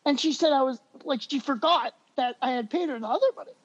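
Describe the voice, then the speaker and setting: Guy with a really high voice telling wild stories, laughing a lot, kinda dull lo-fi sound. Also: fast. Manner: animated, laughs through stories. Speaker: podcast guest. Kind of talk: casual storytelling. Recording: dull lo-fi recording.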